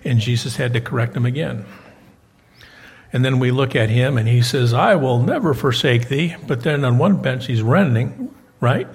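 A male preacher with a gravelly, creaky voice at an average pitch delivers a conversational sermon. He talks in a folksy way, repeats himself and keeps checking in with his listeners. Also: normal speed, a little mellow. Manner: folksy, repeats himself, asks the congregation questions. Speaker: preacher in prison ministry.

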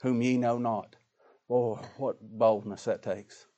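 Folksy preacher with swings in volume. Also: male voice, medium pitch, fairly even intonation, takes it slowly, lo-fi sound. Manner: folksy, dramatic, swings from quiet to loud. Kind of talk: sermon.

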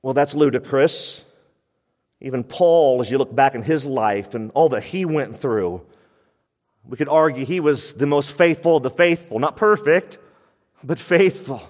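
Male pastor, high voice, emphatic sermon delivery with repeated points, church hall with long reverb. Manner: emphatic, repeats key phrases.

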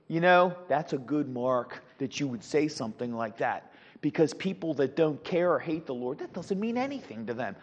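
A middle-aged man teaching a Sunday school class, animated, with rhetorical questions and frequent restarts. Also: a little high, moderate pace. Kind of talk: Bible teaching. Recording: dull lo-fi sound with long hall reverb.

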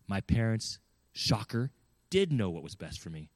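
A man's voice: fairly low pitch, very animated, moderate pace, dry recording. A man telling a personal story in an earnest, emphatic way, often asking his listeners questions. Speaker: speaker giving parenting advice. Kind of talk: storytelling talk.

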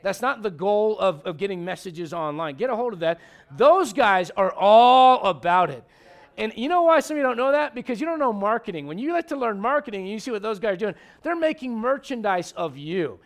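A man's voice: sits high, very animated, fairly quick. A male pastor preaching a conversational sermon to his congregation, emphatic and full of questions to the room. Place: church sanctuary.

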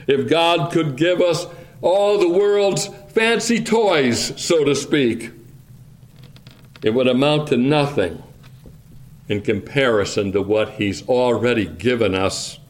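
A man preaching a sermon as pastor, reading King James scripture in a deliberate, measured way. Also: fairly high pitch.

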